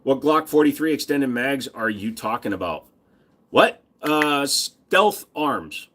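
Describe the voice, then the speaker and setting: A man chats casually on his livestream, talking back to viewers with crude, profane jokes. His voice sits at an ordinary middle pitch. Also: lively intonation, slow pace, a bit bright, a little hiss or hum. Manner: crude, profane banter with chat. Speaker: livestream host.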